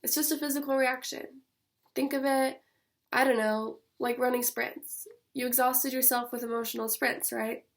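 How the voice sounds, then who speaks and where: A woman reading the lines of an awkward man who questions a distressed woman, in a flat, matter-of-fact way. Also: sits high, normal speed. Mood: awkwardly soothing.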